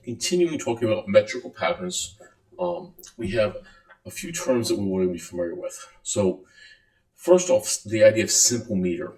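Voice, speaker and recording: A man giving a relaxed music lecture, counting and singing beats aloud between many fillers. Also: lowish voice, moderate pace. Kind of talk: recorded lecture. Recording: echoey room.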